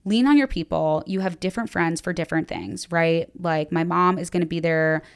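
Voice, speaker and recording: A woman's voice: fairly low pitch, normal speed, clean tone. A young woman hosting a podcast, giving casual advice in a candid, self-deprecating way with lots of "like". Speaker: podcast host.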